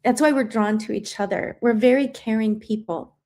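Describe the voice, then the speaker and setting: A woman's voice: on the high side, moderate pace, darkish tone. A woman hosting a livestream, talking earnestly while crying and reading viewer comments aloud. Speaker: livestream host.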